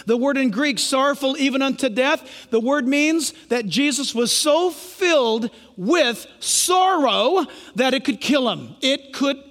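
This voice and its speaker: A man's voice: extremely high pitch, lively intonation, measured pace, hardly any pauses, a bit bright. A man preaching a sermon as pastor, emphatic and questioning the congregation. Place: church sanctuary. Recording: long hall reverb.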